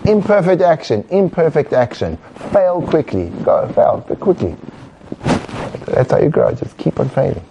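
A man explaining ideas in a relaxed podcast chat, animated and acting out inner voices. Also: a little high, normal speed, gravelly, highs cut off, noisy background. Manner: animated, acts out inner voices, laughs at own jokes. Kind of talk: conversational explanation.

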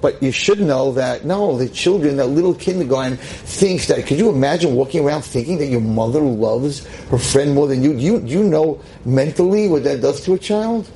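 A man teaching a lively class to a seated audience as a rabbi, emphatic and exclamatory. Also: moderate pace, hardly any pauses, a little hiss or hum, rough recording. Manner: emphatic, exclamatory, with sudden swings in pitch.

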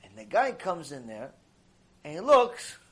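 A man teaching a religious lecture, telling a story in an animated way and repeating phrases for emphasis. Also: on the high side, unhurried.

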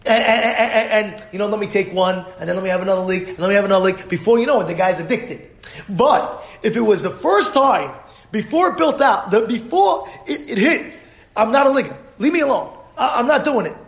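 A man teaching a Torah class as a rabbi, animated and full of rhetorical questions, acting out quotes. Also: high-pitched, a little fast, creaky, reverberant.

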